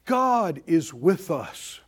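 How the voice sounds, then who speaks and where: A middle-aged man teaching a sermon, animated, acting out little voices and swinging between loud and soft. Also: on the high side, extremely slow, husky. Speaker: Bible teacher.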